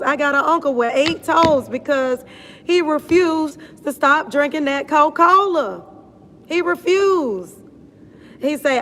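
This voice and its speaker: A middle-aged woman wellness coach chatting casually on a live stream, animated and blunt, laughing often and talking in slang. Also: high voice, a little hiss or hum.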